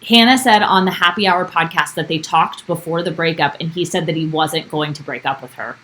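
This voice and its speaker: A woman's voice: sits low, a little fast, fairly bright tone, poor audio. A woman co-hosting a podcast, chatting casually as she recaps a TV episode and reads quotes aloud from her notes. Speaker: podcast co-host.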